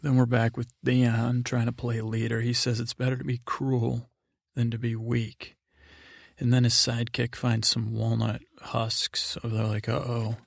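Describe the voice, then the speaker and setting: A man's voice: medium pitch, monotone, unhurried, vocal fry, no room sound, clean studio sound. A middle-aged man meandering through a rambling sleep-aid recap as a podcast host, full of fillers and asides.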